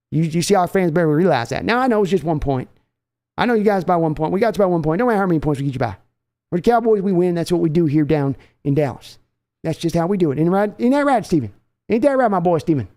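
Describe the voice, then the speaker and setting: A man voicing a bossy, boastful older team owner who scolds his grown son, loud and drawling. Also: a little high, natural voice.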